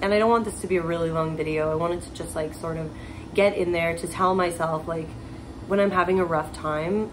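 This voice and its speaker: A woman's voice: fairly low pitch, background noise. A woman talking casually to camera in a personal vlog, chatty and rambling with lots of fillers. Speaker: vlogger.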